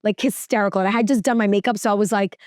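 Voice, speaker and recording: A woman's voice: mid-range voice, fairly even intonation, rapid-fire, darkish tone, dry recording, studio quality. A woman guest, a working mom and TV reporter, telling personal stories in a casual podcast chat, earnest and full of "like" fillers and restarts.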